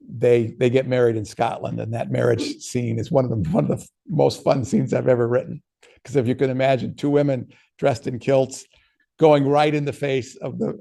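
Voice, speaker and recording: A man's voice: mid-range voice, creaky, darkish tone. A man, an author, giving a casual workshop talk and answering questions, telling stories in a conversational way with frequent restarts.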